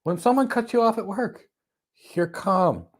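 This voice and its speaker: A man giving a motivational talk on stress, telling stories with emphatic bursts that drop to soft, calm lines. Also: sits high, a little slow. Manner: animated storyteller, swings from loud emphasis to soft calm. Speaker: host. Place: lives in Florida.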